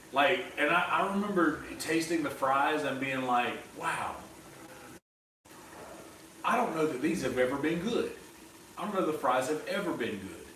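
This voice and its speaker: A man's voice: medium pitch, fairly bright tone, recorded from a distance. A man hosting a cooking livestream, chatting casually in a rambling, opinionated way and swearing freely. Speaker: streamer host. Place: indoor kitchen. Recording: roomy, off-mic, faint background hum.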